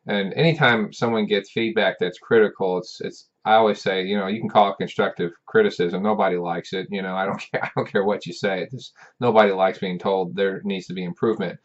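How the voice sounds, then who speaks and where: Man, very low voice, professor talking to students, rambling, repeats himself, dull lo-fi sound. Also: fairly even intonation, fairly quick, hardly any pauses. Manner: rambling, repeats words, direct address. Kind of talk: casual talking-head advice.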